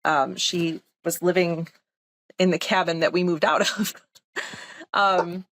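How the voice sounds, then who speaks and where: A woman's voice: fairly low pitch, fairly even intonation, takes it slowly, a bit bright, slight background noise. A young woman nurse telling a personal story in a casual interview, chatty and emphatic, with lots of "like" and "um". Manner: chatty, full of "like" and "um", emphatic retelling. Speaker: nurse, podcast guest.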